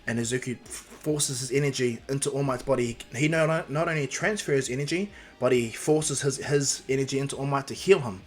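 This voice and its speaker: A man casually retelling a homemade story, rambling along with restarts and asides. His voice is mid-pitched and plain, with faint music under it. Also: fairly quick.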